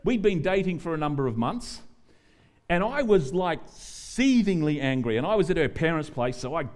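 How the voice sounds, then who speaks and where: A middle-aged Australian man preaching as a guest pastor, animated and joking, acting out the prayers and quotes he tells. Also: on the high side, a little fast. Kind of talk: sermon.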